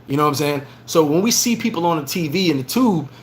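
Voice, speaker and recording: A slightly high-voiced man chats casually on a live vlog stream. He tells stories with animation and acts out the lines he quotes. Faint background noise sits under his voice. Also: animated, fast talker. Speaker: vlog host. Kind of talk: casual livestream chat. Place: bar in the Dominican Republic.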